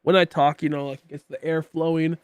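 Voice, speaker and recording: A man's voice: fairly high pitch, flat delivery, brisk, smooth, no echo. Chatty coughing young man, dry close mic. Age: late 20s. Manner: rambling and chatty, with many fillers. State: coughing, throat tickly. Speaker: game streamer. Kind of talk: casual chat while streaming a game.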